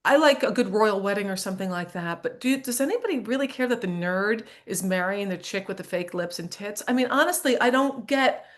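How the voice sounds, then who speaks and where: A woman comedian, a guest on a talk show, chatting in an animated, joking way and wandering off on tangents. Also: medium pitch, a little fast, few pauses. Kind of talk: casual chat.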